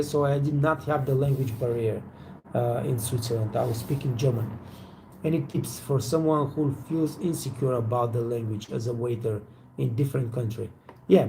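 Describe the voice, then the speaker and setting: Gravelly-voiced man rambling in a live Q&A. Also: mid-range voice, warm tone, slight background noise, low-quality recording. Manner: rambling, repetitive, swears freely. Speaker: waiter trainer hosting a live Q&A. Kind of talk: casual live Q&A chat.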